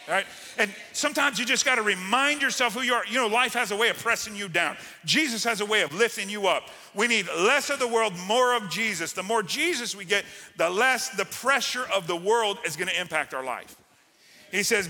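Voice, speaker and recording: A man preaching a sermon as pastor, energetic and full of call-and-response to the congregation. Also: sits high, normal speed, long reverb tail. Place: church sanctuary.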